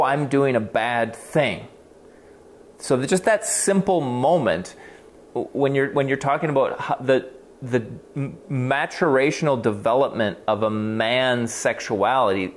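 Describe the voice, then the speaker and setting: Animated, swearing male clinician. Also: medium pitch, a little hiss or hum. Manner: animated, swears freely, frequent restarts. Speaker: clinician on a talk show. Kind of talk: casual conversational storytelling.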